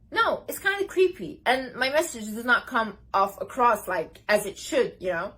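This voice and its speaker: Young woman, breathy voice, slightly high, emphatic, casual motivational talk. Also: expressive, moderate pace, few pauses, pushed and bright. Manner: emphatic, talks with hand gestures. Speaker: motivational speaker.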